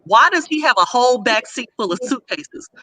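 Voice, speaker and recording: A woman on a podcast telling a comic story in casual chat, blunt and lively, acting out the other people's lines. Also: fairly high pitch, normal speed, slight background noise. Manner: animated, acts out quoted voices. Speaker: podcast co-host.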